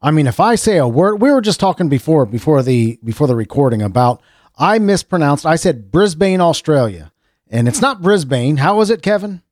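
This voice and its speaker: A man's voice: a little high, sing-song, a little fast, a little mellow, no room sound, clean studio sound. A middle-aged American man hosting a casual podcast chat, rambling and restarting his sentences with the odd chuckle. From United States. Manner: rambling, self-interrupting, chuckling. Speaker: podcast host.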